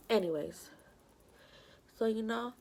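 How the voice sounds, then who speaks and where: A woman's voice: medium pitch, gravelly, a little mellow, slight background noise. A young woman vlogger telling a personal story in a casual, rambling way with lots of fillers, sometimes tearful. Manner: rambling, many "you know" fillers; emotional, tearful at times. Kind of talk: casual storytelling while doing makeup.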